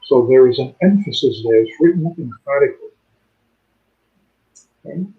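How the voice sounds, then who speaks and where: A man teaching a Bible study, explaining grammar methodically and slowing down to sound out words. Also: medium pitch, animated. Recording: tinny phone-line sound.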